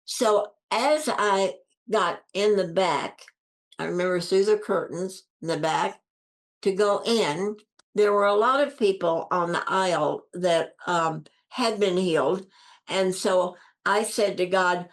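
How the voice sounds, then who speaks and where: An older woman, interviewed as a guest, tells a personal story in a lowish voice at a slightly slow pace. She is earnest and emphatic, repeating phrases for effect and acting out what other people said by lifting her voice.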